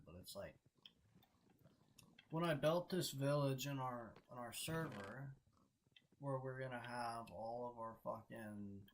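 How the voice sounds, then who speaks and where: A man's voice: mid-range voice, slight background noise, low-quality recording. Foul-mouthed young man ranting casually. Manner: heavy swearing, frustrated and venting. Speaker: gaming streamer. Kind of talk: casual storytelling rant while playing. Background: background music.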